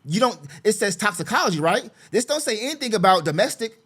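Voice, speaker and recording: A man's voice: high-pitched, big pitch swings, quick pace, a bit bright, slightly rough. A man talking through his court papers in a casual walkthrough, repeating himself, sarcastic and exasperated. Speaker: father representing himself in a custody case. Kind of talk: casual screen-share walkthrough.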